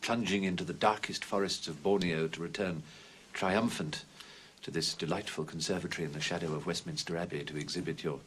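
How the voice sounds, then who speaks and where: A florid, witty Victorian writer. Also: male voice, low voice, fairly even intonation, brisk, hardly any pauses, fairly bright tone, a little hiss or hum. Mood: teasing. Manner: florid, witty, languid phrasing. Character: flamboyant witty Victorian writer, middle-aged man. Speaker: celebrated writer and father. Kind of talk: period film acting.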